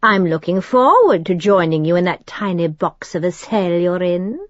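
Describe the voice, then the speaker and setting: A silky, mocking demon speaks with precise, elegant diction, drawing out each threat in a low purr, as a woman narrator puts him on. His menace sits under a soothing politeness. The audio is a touch dull and dry. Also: lively intonation, moderate pace, no room sound, natural voice. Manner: clear, precise accent, purring and sneering. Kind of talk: audiobook character voice.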